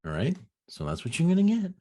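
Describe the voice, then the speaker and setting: A young man hosting a podcast in casual chat, excitable and rambling, tripping over repeated words. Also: high-pitched, quick pace. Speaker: podcast host.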